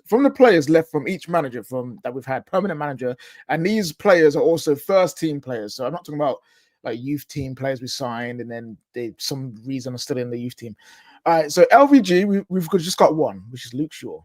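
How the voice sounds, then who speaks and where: A man co-hosting a casual football fan podcast, talking in lively quick bursts that trail off. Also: medium pitch, dry recording. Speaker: podcast co-host.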